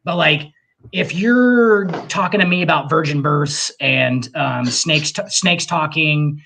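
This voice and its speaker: A man co-hosting a casual podcast, ranting with lots of profanity and animated emphasis. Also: on the high side, slow, creaky, background noise. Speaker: podcast co-host.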